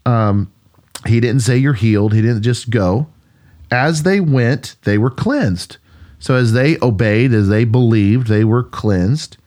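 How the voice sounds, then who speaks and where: A man's voice: medium pitch, takes it slowly, a little mellow. A man, a pastor co-hosting a podcast, retelling a Bible story in an earnest, musing conversational way, with frequent restarts.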